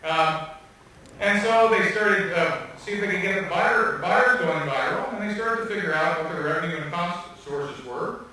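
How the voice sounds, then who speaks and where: A man giving an animated, joking lecture, telling stories and laughing often, recorded from far off in a hall. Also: high voice, normal speed, a little hiss or hum. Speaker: guest speaker. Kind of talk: lively lecture storytelling.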